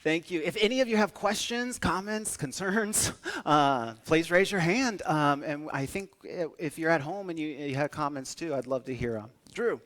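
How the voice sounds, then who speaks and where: A young man with a somewhat high voice delivers a humorous keynote to a conference crowd. His style is playful and energetic, with jokes along the way and sudden jumps in loudness. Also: moderate pace. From northern United States. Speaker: conference speaker.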